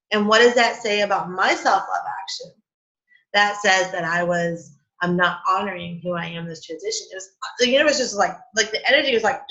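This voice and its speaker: Her voice is fairly high and sharp in tone as she leads a casual spiritual coffee chat with a live group. She speaks from the heart with many fillers, laughing and on the verge of tears, over dull, lo-fi stream audio.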